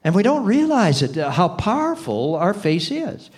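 An older man leads a sales training session with a voice that rises and falls a great deal and sits a little high for a man. He chuckles between points and acts out the people he quotes, switching into their voices. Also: big pitch swings, normal speed, few pauses, a little mellow. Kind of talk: training seminar talk.

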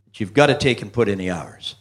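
A man's voice: lowish voice, animated, fast. A man giving a motivational business seminar talk, telling jokes and asking the audience questions. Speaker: business speaker.

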